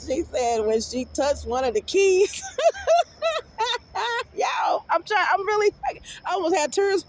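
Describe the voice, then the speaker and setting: A woman's voice: very high-pitched, sing-song, slow pace, pauses often. A middle-aged woman telling a rambling story to her viewers, cursing freely and often laughing hard. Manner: profane, rambling, breaks into hearty laughter. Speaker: vlogger.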